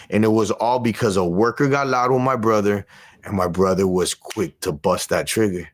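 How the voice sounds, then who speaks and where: A man's voice: on the low side, unhurried. A man as an interview guest, telling a story in casual street slang and acting out the dialogue. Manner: animated storyteller who acts out quoted dialogue; street slang, loose and profane.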